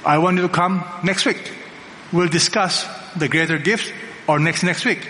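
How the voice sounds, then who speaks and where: A man preaches a sermon in a large church hall, his slightly high voice carrying a long reverb. He drives each point home with emphatic repetition and rhetorical questions to the congregation. A faint background hum sits under the room. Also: steady tone, normal speed, bright, forceful tone. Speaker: pastor.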